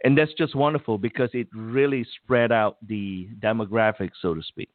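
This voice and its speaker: A man's voice: fairly low pitch, steady tone, normal speed, dry recording. Man from malaysia, interview host, encouraging, dry tinny phone sound. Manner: encouraging, lots of mm-hmms. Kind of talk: casual interview.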